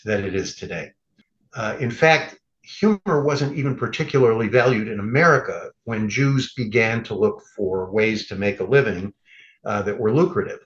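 A man's voice: lowish voice, a bit bright, highs cut off. A man who is a rabbi, a guest on a podcast, telling stories in a wry, conversational way and acting out quoted lines. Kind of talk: conversational storytelling.

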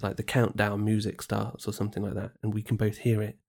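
A man co-hosting a podcast in casual chat, chatty and quick to agree, often restarting his sentences. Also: fairly low pitch, little pitch movement, vocal fry, a little mellow. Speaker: podcast co-host.

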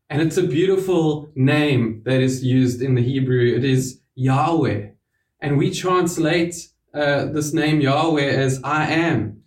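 A man preaching a sermon to a church congregation, earnest, dropping to a hush on key words. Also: on the high side, a little slow. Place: church hall. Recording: roomy, from a distance.

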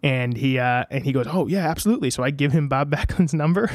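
Animated guy telling stories on a podcast, does the voices, dry close mic. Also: medium pitch, brisk, no echo. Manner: animated, acts out quoted voices. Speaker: guest telling wrestling stories. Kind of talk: casual podcast storytelling.

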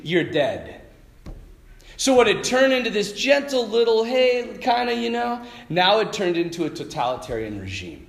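An animated man speaks to a group about faith. He tells stories and slips into the voices of the people in them. His voice sits high and moves widely in pitch, and the room gives it a clear echo. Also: moderate pace. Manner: animated storytelling, acting out quoted voices. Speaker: Catholic speaker. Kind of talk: lively faith talk to a group.

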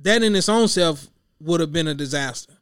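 Podcast host: relaxed male voice, a little high, smooth and clear, slangy and conversational, dry close mic. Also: fairly quick, no room sound. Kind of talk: casual podcast chat.

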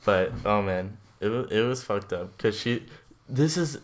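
A young man with a lowish voice rambles through a crude story among friends. His delivery is laid-back and loose. It is casual, unscripted podcast talk. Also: fairly even intonation, normal speed. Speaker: podcast co-host.

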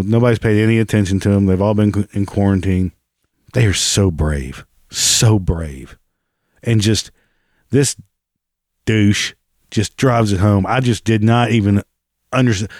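A man's voice: lowish voice, a little mellow, no room sound, clean studio sound. Sarcastic, foul-mouthed man reacting to a video. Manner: sarcastic and profane. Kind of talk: casual reaction commentary.

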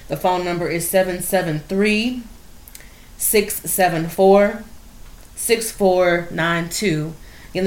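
Woman podcast host, kinda low voice, gets emotional, echoey room sound. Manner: emotional, animated storytelling. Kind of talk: casual podcast chat.

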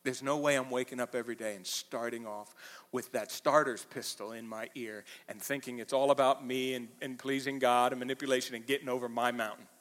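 A man preaching a sermon as pastor, swinging between quiet, low asides and loud, impassioned bursts. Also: steady tone, brisk. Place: church auditorium. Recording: reverberant church hall.

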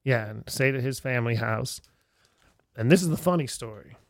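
Speaking at a moderate pace with some vocal fry, this middle-aged man has a mid-range voice and spins old travel stories in a relaxed podcast chat. He's indoors with a friend, acting out the voices of people he quotes and dropping "like" constantly.

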